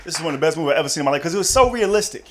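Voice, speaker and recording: A man's voice: fairly high pitch, rapid-fire, very noisy. A young man performing a chatty stand-up comedy routine on a club stage. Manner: animated, chatty, many "you know what I mean".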